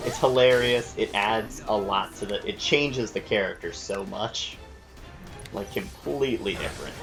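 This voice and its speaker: A man's voice: on the low side, expressive, measured pace, vocal fry, over music. A man hosting a gameplay video, chatting casually and explaining the game's mechanics as he thinks aloud. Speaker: let's play host.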